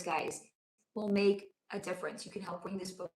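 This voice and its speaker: A woman hosts a casual livestream, reading comments aloud and calling her viewers honey and sweetie, cursing without a second thought. Her voice is hoarse, as if she is losing it, sitting at a middling pitch. The sound bounces around a roomy, echoey space. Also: steady tone, fairly quick, fairly bright tone, slight background noise. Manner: chatty, calls viewers honey and sweetie, swears freely. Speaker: livestream host. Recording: roomy echo.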